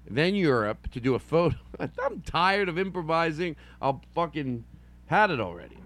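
A middle-aged male podcast host with a lively, bouncing voice that swings up and down. He rambles, makes fun of himself and drops into silly voices. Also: a little high. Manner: meandering, self-mocking, playful silly voices. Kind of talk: rambling improvised solo podcast.

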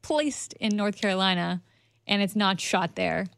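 A woman's voice: medium pitch, measured pace, gravelly, fairly bright tone, smooth, no room sound. Woman co-hosting a podcast, chatty, asks lots of questions, dry close mic. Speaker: podcast co-host. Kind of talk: casual chat.

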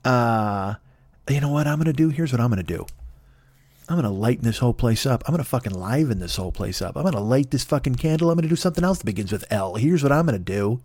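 A man's voice: mid-range voice, animated, fast, a little mellow, dry recording, studio quality, lightly acted. A man voicing a bored, smug young shepherd who pranks his village. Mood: bored scheming. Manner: lazy, sneering, mocking.

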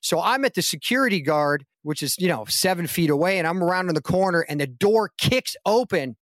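A man's voice: high voice, a little fast, dry recording, clean studio sound. A man telling a long anecdote in a casual podcast interview, acting out quoted lines with a lifted voice. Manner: animated anecdote-telling, acts out quotes in raised voice. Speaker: guest actor.

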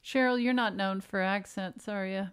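A middle-aged woman co-hosting a casual podcast with a dry, deadpan humor. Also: mid-range voice, moderate pace, clear, resonant tone. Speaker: podcast co-host.

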